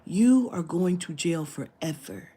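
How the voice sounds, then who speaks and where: A woman's voice: fairly low pitch, animated, measured pace, mellow, slightly rough. A woman telling a long story in casual talk, acting out the quoted dialogue, swearing freely and dropping into whispers. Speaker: spiritual reader telling a client story.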